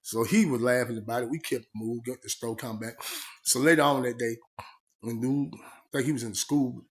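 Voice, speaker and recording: A man's voice: mid-range voice, moderate pace. A man telling a personal story in a casual, slangy, conversational way. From Georgia, USA. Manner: slangy, conversational, retells talks by voicing both sides. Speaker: storyteller recounting prison life.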